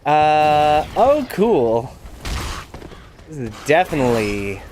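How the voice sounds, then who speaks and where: A man narrating his game as he plays, in a wry, self-mocking way. He talks slowly, and his fairly high voice swings up and down a lot. A steady hum of noise sits clearly behind him. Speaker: gamer playing a randomizer. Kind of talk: let's play commentary.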